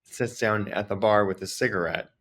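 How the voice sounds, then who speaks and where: A man with a fairly low voice tells a story as a podcast host. He talks in a loose, chatty way and fills his sentences with "like" as he goes. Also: steady tone, normal speed, fairly bright tone. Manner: chatty, frequent "like" fillers. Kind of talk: casual storytelling.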